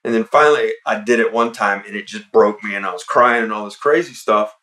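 A man who is a podcast guest, speaking in a relaxed, reflective way and often softly. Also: on the low side, fairly quick, recorded from a distance. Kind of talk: casual podcast conversation.

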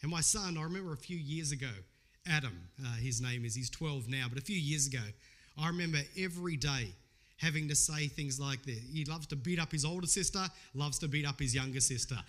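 A man's voice: on the high side, fairly quick, a bit bright. A middle-aged man preaching a sermon as a pastor, earnest and conversational, weaving in personal stories.

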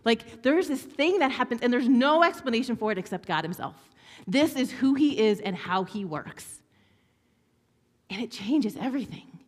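A woman preaching a sermon in a conversational, animated way, often calling out to the congregation for a response. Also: medium pitch. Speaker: pastor. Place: church hall with audience. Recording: long reverb of a large hall.

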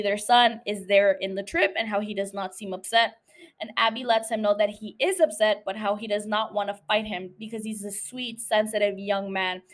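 A woman's voice: mid-range voice, a bit bright. A woman hosting a podcast, recapping a TV episode in a chatty way, swearing freely and laughing often. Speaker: podcast host.

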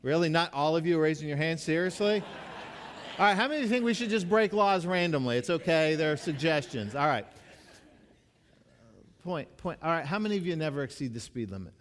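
A male pastor preaching a sermon, swinging between loud rousing passages and soft hushed ones, joking with the congregation and asking for a show of hands. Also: on the high side, animated, fairly quick, a little hiss or hum. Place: church sanctuary. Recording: long reverb of a large hall.

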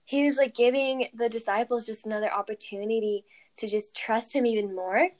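A young woman with a slightly high voice muses on scripture in a loose, chatty way. She gets animated and says "like" often, jumping up in pitch when something strikes her. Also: normal speed. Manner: animated, exclaiming, lots of "like". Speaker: co-host reflecting on scripture. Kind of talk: casual Bible study chat.

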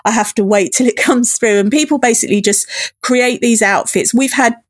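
A woman's voice: on the high side, fairly quick, no echo, clean studio sound. A woman talking in a casual interview, bubbly and enthusiastic, often breaking into giggles. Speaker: podcast guest, festival organizer.

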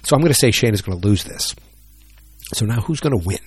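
Male vlogger, lowish voice, loose rambling delivery with self-mocking jokes. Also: expressive, fast talker, slightly rough, dry recording. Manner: rambling, joking, self-deprecating. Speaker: solo wrestling vlogger. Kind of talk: casual rambling chat.

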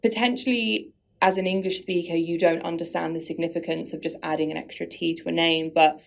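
A woman's voice: lowish voice, steady tone, brisk, gravelly. A woman guest on a podcast, talking candidly and reflectively about her own life in a casual conversational way, often laughing at herself.

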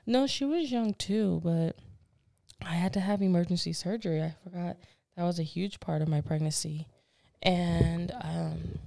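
A woman co-hosting a podcast in casual chat, telling stories in an animated, blunt way, swearing and laughing at herself. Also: fairly low pitch, creaky, no echo, clean studio sound. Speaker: podcast co-host.

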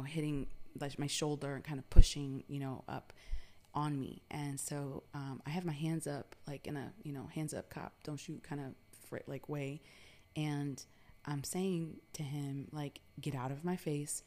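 A woman from New York recounts a story in loose, chatty talk. Her voice is very low and mellow. She peppers her speech with fillers and swears freely. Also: flat delivery, a little slow. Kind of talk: casual personal storytelling.

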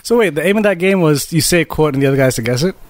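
A man's voice: on the high side, animated, racing, no room sound. A man in casual group chat, musing aloud and cracking jokes.

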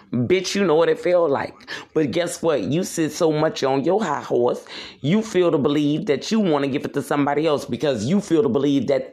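A podcast host delivers a solo rant, his voice a touch higher than most men's with a darkish tone. He preaches at listeners, swears constantly, and keeps circling back to repeat each point.

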